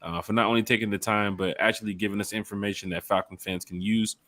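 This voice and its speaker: A man's voice: lowish voice, steady tone, fast, a bit bright, no echo. A man hosting a casual fan chat, upbeat and full of enthusiasm for the trip. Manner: enthusiastic, hypes the fans. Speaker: fan club host.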